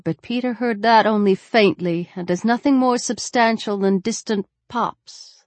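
Woman narrator, audiobook, fairly low voice, dry close sound. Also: dry recording. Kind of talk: scripted narration.

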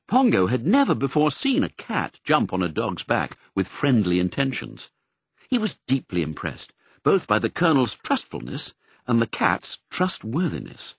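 Casting: male audiobook narrator, very lively pitch, slightly husky, dry close sound. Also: no room sound. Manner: expressive, measured storytelling.

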